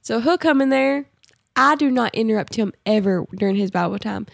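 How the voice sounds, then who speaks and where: Gravelly-voiced woman bantering on a podcast. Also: a little high, a little fast, dry recording, studio quality. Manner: playful, chatty, Southern-tinged banter. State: congested from allergies. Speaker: podcast co-host. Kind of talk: casual devotional podcast chat. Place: home.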